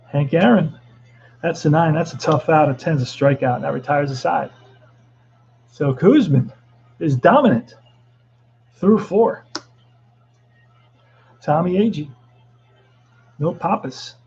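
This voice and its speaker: A middle-aged man doing excitable play-by-play commentary of a tabletop baseball replay, with joking asides. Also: a little high, creaky, muffled recording, slight background noise.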